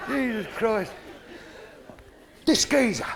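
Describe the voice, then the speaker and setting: A man's voice: sits high, lively intonation, takes it slowly, creaky, over a noisy crowd, heavy background noise. A man telling crude jokes in a blunt, chuckling stand-up routine on a comedy stage. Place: comedy stage before a live audience.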